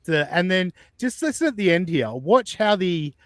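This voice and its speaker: Incredulous, swearing podcast host. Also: male voice, high voice, big pitch swings, normal speed, no echo, clean studio sound. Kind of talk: casual reaction commentary.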